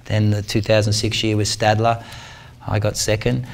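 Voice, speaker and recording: A man in his forties giving a talk to a club, telling a story in a lively, slangy way and acting out what people said. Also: lowish voice, moderate pace, vocal fry, a little hiss or hum. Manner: animated, slangy storyteller who acts out the people in his stories. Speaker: guest speaker, triathlete.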